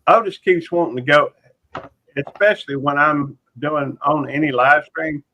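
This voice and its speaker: Rambling man with halting fillers. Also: on the high side, pushed and bright, slight background noise. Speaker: live stream panelist. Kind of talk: casual chat. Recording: dull lo-fi stream audio.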